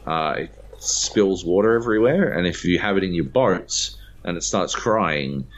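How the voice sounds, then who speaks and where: A man's voice: sits low, a little slow. A man co-hosting a gaming podcast, telling a story with lots of swearing and acted-out voices. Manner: animated storyteller, swears freely, acts out voices. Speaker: podcast co-host. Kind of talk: casual chat. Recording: dull lo-fi podcast audio.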